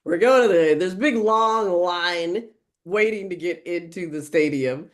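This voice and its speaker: A woman's voice: fairly low pitch, unhurried. A woman co-hosting a podcast in casual chat, telling a funny story and laughing at herself. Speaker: podcast co-host.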